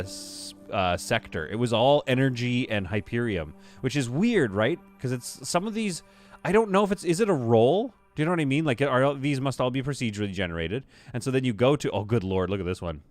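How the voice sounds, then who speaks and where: A man chatting casually on a live game stream, rambling and self-amused. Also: medium pitch. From Canada. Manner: rambling, self-amused, many fillers and restarts.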